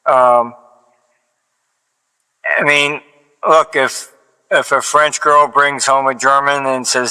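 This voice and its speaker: A man talking casually, wandering from anecdote to anecdote with plenty of ums and false starts. His voice has a bright, forceful edge at a middle pitch. A long hall reverb trails behind each phrase. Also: slow pace, pauses often. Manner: rambling, many fillers and restarts; dry storyteller who acts out quoted exchanges. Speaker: financial analyst guest.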